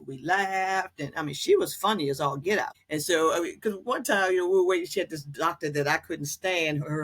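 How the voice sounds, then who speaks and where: A woman's voice: fairly low pitch, breathy edge. An older woman in her sixties is a guest on an interview show, sharing family stories with a storyteller's flair. She acts out the people in her stories and often breaks into laughter. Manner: animated storyteller who acts out quoted voices and laughs often. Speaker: guest, author and former caregiver.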